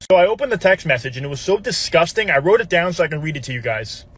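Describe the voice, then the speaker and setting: A man's voice: fairly high pitch, lively intonation, quick pace, a bit bright, breathy edge. A man casually telling a funny story about his wife and neighbor, chatty and dramatic. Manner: chatty, dramatic when reading out messages.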